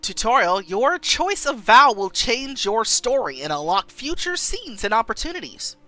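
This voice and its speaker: A woman's voice: a little high, normal speed. A woman streamer reading a story game aloud and chatting playfully about her choices. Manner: animated, playful.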